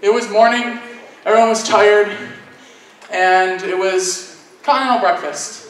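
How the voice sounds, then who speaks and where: High bright-voiced man doing stand-up. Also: unhurried, a little hiss or hum. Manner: animated, acts out voices in anecdotes. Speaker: stand-up comedian. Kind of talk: stand-up storytelling. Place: convention panel room. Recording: echoey room from far off.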